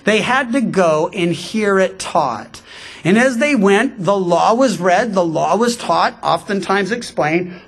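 A man preaching a radio sermon in a conversational, emphatic way, slowing down for quoted scripture. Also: sits high, expressive, fairly bright tone, husky. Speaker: pastor.

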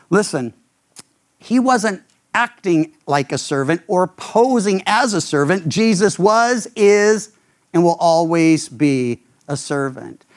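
A man preaching a sermon as a pastor, animated and acting out the people he quotes. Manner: animated, acts out quoted speakers with big pitch jumps. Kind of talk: expository sermon.

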